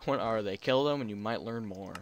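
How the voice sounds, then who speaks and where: A man's voice: on the low side, moderate pace, a little hiss or hum. A man hosting a casual video game let's play, talking through what he sees in a rambling, unsure, self-deprecating way. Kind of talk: casual gameplay commentary.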